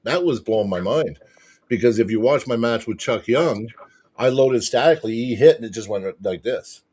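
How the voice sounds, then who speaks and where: A man telling a match story as a podcast guest, excitable and swearing constantly. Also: medium pitch, normal speed, breathy edge. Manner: excitable, profanity-heavy retelling. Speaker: podcast guest, arm wrestler. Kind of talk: casual storytelling chat.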